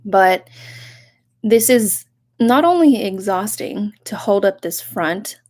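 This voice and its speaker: This young woman does a casual tarot reading on a live stream, speaking softly at a medium pitch and a slow pace. She rambles, then breaks off with sudden excitement to greet viewers.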